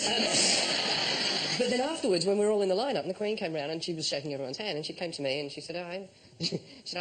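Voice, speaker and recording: A man's voice: high voice, lively intonation, very noisy. An Australian man telling a comic anecdote as a panelist, acting out the quoted voices. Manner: quick storytelling, acts out the quoted voices. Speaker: comedian panelist.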